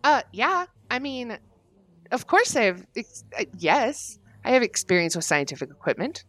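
A woman's voice: fairly high pitch, sing-song, normal speed, fairly bright tone, dry recording. A woman playing her character at a tabletop game, eager, gushing and a bit flustered. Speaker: player.

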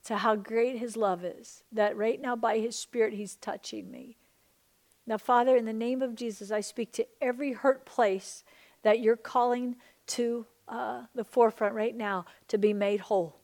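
A woman's voice: on the high side, fairly even intonation, moderate pace, a little mellow. A middle-aged woman pastor leading an earnest, fervent prayer during a sermon.

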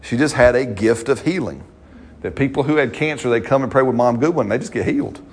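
A man's voice: mid-range voice, lively intonation, a little fast, slight background noise. A man, preaching a sermon as pastor, talking to the congregation in a conversational way and often checking in with "right?".

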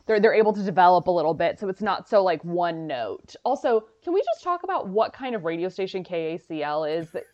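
A woman's voice: lowish voice, sing-song, brisk, few pauses, darkish tone, highs cut off. A woman from Dallas, co-hosting a podcast in casual chat, telling stories with lots of fillers. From Dallas, Texas. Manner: chatty, filler-heavy storytelling. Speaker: podcast co-host.

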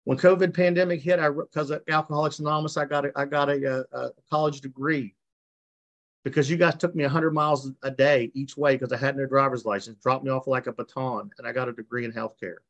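Middle-aged man, gravelly, earnest testimony, video-call sound. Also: medium pitch, fairly even intonation, fast talker, fairly bright tone, dull audio. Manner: earnest, repetitive, emotional storytelling. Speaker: speaker sharing his recovery story. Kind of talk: personal testimony at a recovery meeting.

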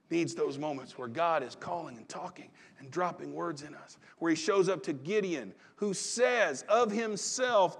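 Folksy preaching man, higher voice. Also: lively intonation, moderate pace, gravelly, hardly any pauses, breathy edge. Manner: folksy, conversational preaching with dramatized quotes. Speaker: pastor. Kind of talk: sermon.

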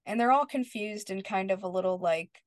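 A woman's voice: mid-range voice, brisk, no room sound. A woman co-hosting a podcast, casually recapping a TV episode and quoting the characters as she goes. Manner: retells scenes, quoting characters. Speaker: podcast co-host.

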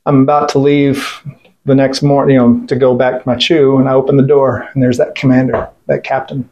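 A man's voice: medium pitch, flat delivery, a little fast, darkish tone. A man, a military veteran interviewed as a guest, telling a story casually and bluntly, swearing, rambling, and quoting what others said. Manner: blunt, profane, retells events by quoting others; rambling with restarts and fillers.

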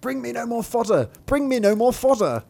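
A man's voice: big pitch swings, fairly quick, vocal fry, full character voice. A tiny, cheeky boy. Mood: desperate. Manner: shrill squeaky shouting.

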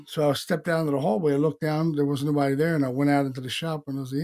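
A man co-hosting a podcast, telling stories in casual chat, animated, with slang and swearing. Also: fairly high pitch, quick pace, vocal fry, hardly any pauses. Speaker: podcast co-host.

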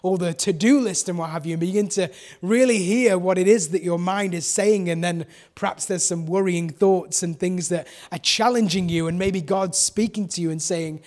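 A man's voice: sits high, moderate pace, a little mellow. A man preaching a sermon in a conversational way, often asking his listeners questions.

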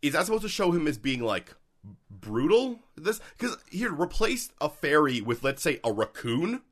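A man co-hosting a casual movie review podcast, talking in an animated way with frequent laughs. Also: fairly high pitch, moderate pace. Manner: animated, laughs often, restarts a lot. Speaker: podcast co-host.

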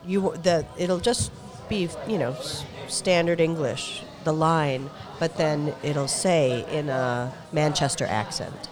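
A podcast co-host talking in a relaxed, wry way in casual chat. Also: mid-range voice, slow, hardly any pauses, music in the background.

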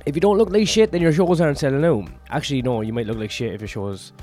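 A man's voice: medium pitch, quick pace, dark tone, faint music behind. Tired swearing man rambling on a podcast. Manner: crude, self-mocking, swears constantly. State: tired, run-down. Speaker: comedian podcast host.

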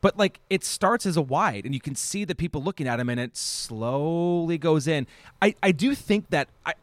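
A man's voice: fairly high pitch, expressive, moderate pace, no echo. A man co-hosting a podcast, chatting casually about a film in a rambling, enthusiastic way with many restarts. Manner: rambling, self-correcting, enthusiastic. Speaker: podcast co-host.

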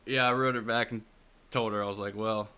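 A man co-hosting a relaxed podcast, talking at an ordinary middle pitch. He chats loosely, laughs easily and reads listener emails aloud in the same casual way. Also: fast talker, clear, resonant tone. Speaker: podcast co-host.

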